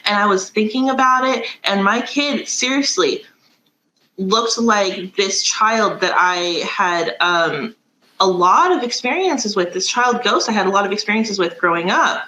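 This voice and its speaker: A woman's voice: medium pitch, moderate pace, bright, forceful tone, roomy sound, slight background noise, poor audio. A middle-aged woman hosting a podcast, telling stories casually with lots of fillers. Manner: chatty, storytelling with many fillers. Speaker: podcast host. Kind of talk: casual chat.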